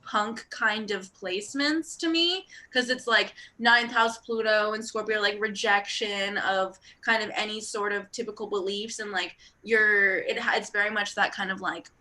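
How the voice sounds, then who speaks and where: A woman's voice: medium pitch, moderate pace, few pauses. A young woman co-hosting a casual astrology chat, rambling through readings with lots of fillers. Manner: rambling, filler-heavy, animated. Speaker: astrologer co-host.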